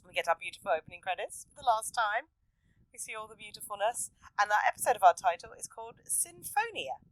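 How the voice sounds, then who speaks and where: Lively woman hosting a podcast. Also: fast talker, no echo, rough recording. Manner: animated, acts out characters' lines in a high excited voice. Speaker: podcast host. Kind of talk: casual podcast chat recapping an anime.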